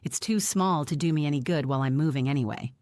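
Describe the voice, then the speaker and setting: Lady doing a tough old grandpa who got shot, brushing it off, low dry voice. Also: fast talker, darkish tone, no echo, close to an everyday voice. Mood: stubborn. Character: older man, shot, stubborn and steady.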